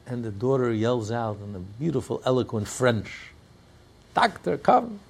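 A man teaching a religious text class, telling stories and breaking into shouts and laughter. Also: medium pitch, steady tone, moderate pace. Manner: storytelling, bursts into shouts and laughter. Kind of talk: animated Torah class with storytelling.

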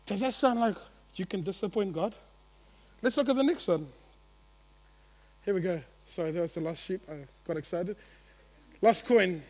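A man preaching a sermon to a church gathering, animated and playful, swinging between loud and hushed. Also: high voice, moderate pace, pauses often.

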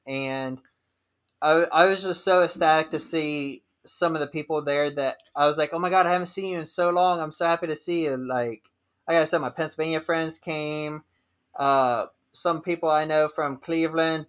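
A man's voice: a little high, fairly bright tone. A man co-hosting a podcast, telling stories in casual chat and swearing freely. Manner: chatty storytelling, swears freely. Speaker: podcast co-host.

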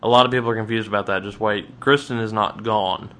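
A man co-hosting a podcast in casual chat, ranting with frequent restarts and sudden jumps up in pitch. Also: fast talker. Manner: animated, restarts often, rants with rising pitch. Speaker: podcast co-host.

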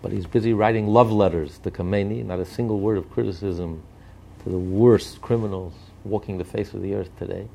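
A man delivers impassioned commentary on politics and morality, hammering his points home emphatically with repeated rhetorical lists. His voice is fairly low, creaky and dark-toned, with fairly even intonation and a slightly fast pace.

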